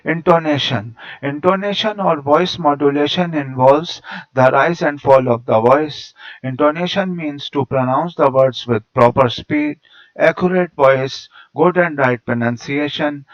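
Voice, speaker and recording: This man reads a teaching lesson aloud at a steady, measured pace. His voice sits at a middle pitch for a man. The recording is dull and lo-fi. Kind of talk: read-aloud lecture narration.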